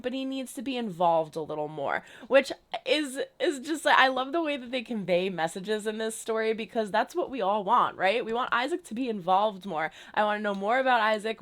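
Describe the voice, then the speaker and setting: A woman chatting casually as a reaction video host, recapping an episode in an emphatic way and now and then slipping into mocking voices. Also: on the low side. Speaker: reaction youtuber.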